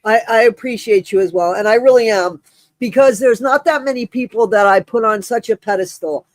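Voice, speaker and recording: A man's voice: high voice, fairly quick, no room sound. A man hosting a casual live stream, effusive and rambling, greeting viewers by name while short of breath. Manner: effusive, rambling, with many restarts and shout-outs.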